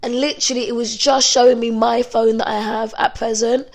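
A young woman from telling a story to camera in a chatty, animated way, with some swearing. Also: on the high side, a little fast, gravelly. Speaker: vlogger. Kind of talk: casual storytime.

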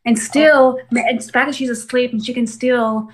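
Rambling flat-toned woman arguing a point. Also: fairly high pitch, moderate pace. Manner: rambling, restarts sentences while arguing. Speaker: podcast co-host. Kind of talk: casual podcast chat.

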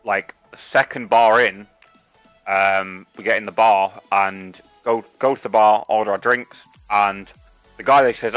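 An English man co-hosting a podcast, telling stories in a lively, swearing, casual chat. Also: on the low side, measured pace, smooth, dry recording. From England. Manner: animated storytelling, heavy swearing. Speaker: podcast co-host. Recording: dull, dry lo-fi mic with faint music.

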